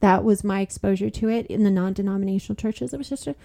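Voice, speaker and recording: A young woman speaks as a podcast guest, sharing a heartfelt personal story in a casual, rambling way. Her voice sits at an ordinary pitch with a noticeable gravelly fry, and her talk is full of fillers and earnest restarts. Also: quick pace, mellow. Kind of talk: personal testimony in casual conversation.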